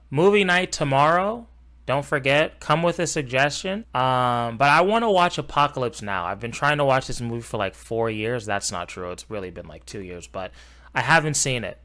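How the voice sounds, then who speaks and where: A man's voice: mid-range voice, sharp tone. A man streaming live, reacting to a clip with profane, exasperated ranting that sometimes drops to a muttered whisper. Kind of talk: livestream reaction commentary.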